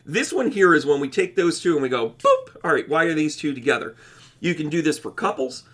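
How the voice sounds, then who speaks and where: A man's voice: on the high side, animated, fairly quick, a bit bright. A man hosting his own astrology channel, explaining charts in a casual, rambling way, often correcting himself and speaking straight to his viewers. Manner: rambling, self-correcting, chatty, addresses viewers directly.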